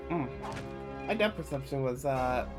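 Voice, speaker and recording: Streamer type: a man at mid pitch, loose joking chat, game music loud behind. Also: expressive, unhurried. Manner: chatty, swears, joking. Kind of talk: casual gameplay chat.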